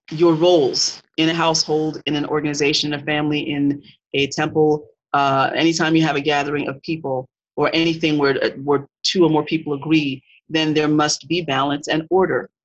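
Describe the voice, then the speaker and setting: A Kemetic faith teacher giving a live-streamed talk, earnest and digressive, often pausing to search for words. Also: medium pitch, level tone, slight background noise. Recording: dull lo-fi stream audio.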